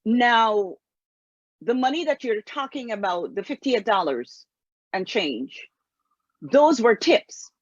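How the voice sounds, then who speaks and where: A woman hosting an interview, asking careful, deliberate questions. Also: fairly high pitch, lively intonation, breathy edge, no room sound. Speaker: interview host. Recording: dull lo-fi recording.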